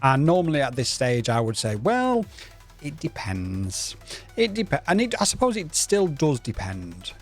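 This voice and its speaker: A man's voice: mid-range voice, sing-song, moderate pace, few pauses, faint music behind. Rambling, enthusiastic man. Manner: rambling and enthusiastic, with restarts and stutters. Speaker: drone reviewer. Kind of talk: casual video review.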